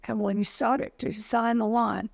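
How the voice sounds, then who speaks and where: An older woman in an interview, telling lively anecdotes about her past and acting out the people in them. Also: a little high, normal speed. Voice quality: creaky. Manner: lively anecdotal storytelling, acts out quoted dialogue. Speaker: interviewee, retired business owner. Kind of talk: storytelling interview.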